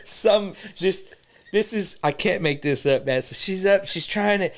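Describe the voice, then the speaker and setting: Dude spinning a story on a podcast, lots of bro and cussing, animated. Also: male voice, sits high, a little slow. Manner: animated, slangy, swears freely. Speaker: podcast co-host. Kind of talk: casual storytelling.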